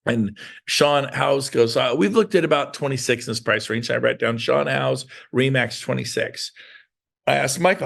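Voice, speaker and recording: A middle-aged man giving a lively sales talk as a real estate coach, acting out both sides of phone calls with agents. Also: medium pitch, normal speed, gravelly. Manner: animated, plays both sides of dialogues.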